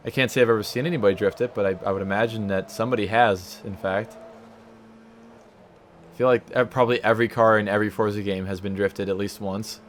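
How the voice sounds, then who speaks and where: Talking fast in a low, steady voice, this let's play gamer gives casual commentary on a racing game from home. He rambles, makes fun of himself and sings goofy stutters, with a faint hiss or hum present.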